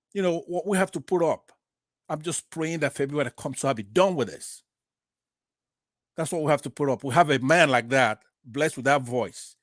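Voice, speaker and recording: A Nigerian man calling into a talk broadcast, speaking with rising passion, starting quietly with hesitations and then breaking into loud, indignant bursts. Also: medium pitch, dry recording. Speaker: caller on a live online talk broadcast. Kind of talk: impassioned political call-in speech.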